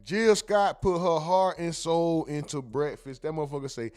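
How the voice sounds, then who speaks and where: A man's voice: on the high side, steady tone, moderate pace, a little mellow, clean tone, soft background music. Slangy man hosting a livestream. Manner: slangy, reads chat comments aloud. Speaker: livestream host. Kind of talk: casual livestream chat.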